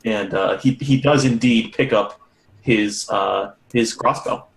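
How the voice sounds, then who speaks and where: A man's voice: on the low side, takes it slowly, creaky. A man narrating as game master of a tabletop game in a casual, profane, laughing way. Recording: echoey room.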